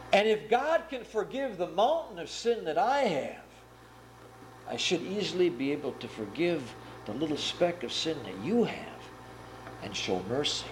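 A man preaching a sermon and retelling a parable with earnest, animated storytelling. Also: high voice, slight background noise, poor audio.

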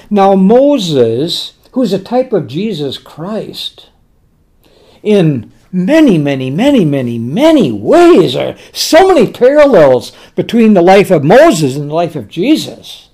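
Slow, animated male preacher. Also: sits high. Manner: slow, emphatic, repeats words for stress. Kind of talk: sermon.

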